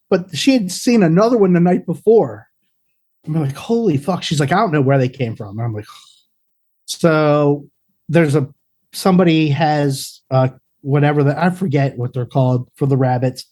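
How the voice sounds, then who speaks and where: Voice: medium pitch, unhurried. A podcast co-host in casual chat, telling stories with plenty of profanity. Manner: profane, animated storyteller.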